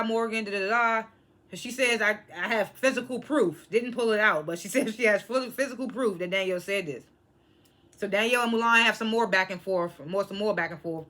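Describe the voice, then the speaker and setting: Woman vlogger, reality-TV recap; bright, slightly high voice, blunt and animated delivery. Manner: animated, blunt, swears freely, quick laughs. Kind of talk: casual episode review.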